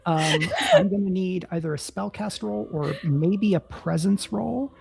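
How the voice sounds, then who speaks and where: A game master narrating a tabletop role-playing battle in a measured, descriptive way, checking in with the players. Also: medium pitch, vocal fry, a crowd in the background. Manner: measured, descriptive, hesitant restarts.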